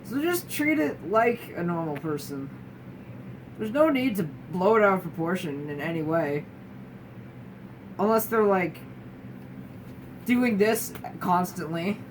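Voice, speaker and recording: A young woman, a guest sharing her experience, talks candidly and wryly in a casual talking-head chat. Her lowish, animated voice moves slowly with long pauses, and she often restarts and mimics others mid-sentence. The rough recording picks her up far from the mic, slightly off-axis, with clear room noise.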